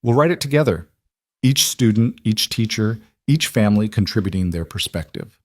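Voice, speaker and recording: A man voicing a calm, firm frontier schoolteacher woman. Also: mid-range voice, normal speed, no room sound, studio quality, natural voice.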